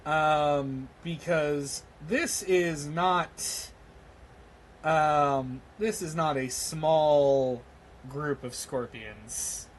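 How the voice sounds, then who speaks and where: A man narrates a tabletop role-playing game as game master. He talks slowly and hesitantly, filling pauses with ums, in a voice pitched a touch above the usual for a man. A faint background hum sits under his voice. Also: low-quality recording.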